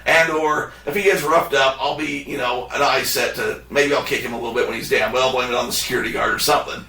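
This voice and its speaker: A man's voice: medium pitch, quick pace, creaky, reverberant, recorded from a distance. A man hosting a podcast, telling a story in casual chat and acting out the people in it. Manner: animated, acts out both sides of the story. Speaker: podcast host.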